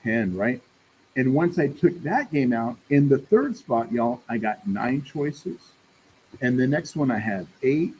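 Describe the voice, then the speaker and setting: A man's voice: medium pitch, expressive, unhurried, a little mellow, a little hiss or hum, poor audio. A man teaching a math class in a casual, chatty way, often checking in with the room. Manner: casual, addresses class as y'all, checks in with "right?". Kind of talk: classroom lecture.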